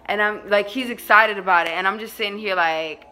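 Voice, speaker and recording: A woman's voice: medium pitch, brisk, pushed and bright, soft background music. A young woman vlogger telling a personal story in a casual, slangy way, laughing often as she goes.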